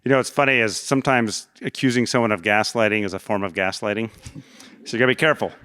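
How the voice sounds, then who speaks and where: A man's voice: lowish voice, quick pace, sharp tone, clean tone, no echo. A middle-aged man who wrote a book, speaking as a guest in an onstage fireside chat at a conference. He explains things earnestly and uses examples. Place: conference stage.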